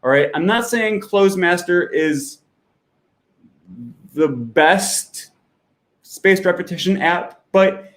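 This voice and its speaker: A man hosting a language-learning channel, explaining in a relaxed, chatty way with fillers and self-corrections while he clicks through an app. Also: high voice, takes it slowly, long pauses. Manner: walks through an app on screen while talking. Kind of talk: casual explanatory talk.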